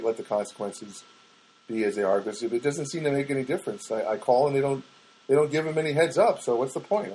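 A man's voice: mid-range voice, a little mellow, poor audio. A man talking alone in his small studio apartment, telling a rambling, exasperated story for his podcast. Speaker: solo podcaster. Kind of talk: casual monologue.

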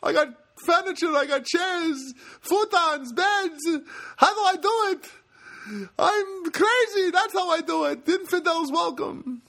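Manic furniture-store pitchman, shrill and loud; a man doing the voice. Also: full character voice. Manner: shouting, high-pitched, drawn-out cries.

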